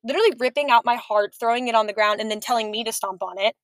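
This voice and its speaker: A young woman co-hosting a podcast, telling stories in a chatty, animated way. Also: a little high, fast, no echo. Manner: chatty, storytelling, animated asides. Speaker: podcast co-host. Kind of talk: casual chat.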